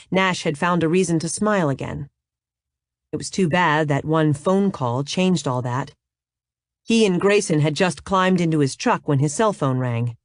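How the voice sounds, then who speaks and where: A woman narrating a romance audiobook in a steady, even way. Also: fairly low pitch, no echo, clean studio sound.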